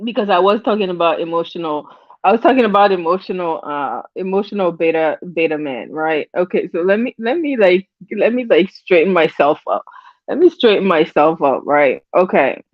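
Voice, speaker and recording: A woman's voice: lowish voice, lively intonation, moderate pace, no echo. A woman hosting a casual livestream, reading the chat aloud, rambling with restarts and bursting into laughter often. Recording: dull lo-fi dry sound.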